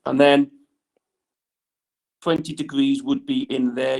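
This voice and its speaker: A man's voice: mid-range voice, flat delivery, a little slow, creaky, a little mellow. A male teacher giving an engineering lesson in a classroom. He talks while drawing on the board and keeps checking in with "right?" tag questions.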